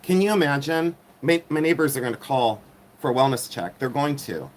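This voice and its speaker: Slight background noise sits under this man's mid-range, expressive voice as he talks briskly. Middle-aged and nasal, he hosts a laid-back vintage jewelry resale livestream, rambling, teasing himself and reading chat out loud.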